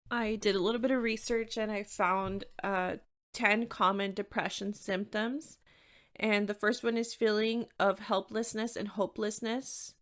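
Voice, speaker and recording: A woman's voice: medium pitch, a bit bright. A woman hosting her own podcast, talking candidly and conversationally on her own with frequent "like" fillers. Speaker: podcast host. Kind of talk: solo podcast talk.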